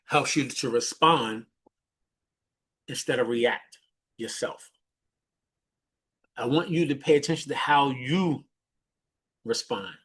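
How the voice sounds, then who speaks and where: A man giving a motivational teaching talk as a leadership mentor, animated and often restarting his phrases. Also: slightly rough. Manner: animated, restarts phrases often, jumps high when imitating others.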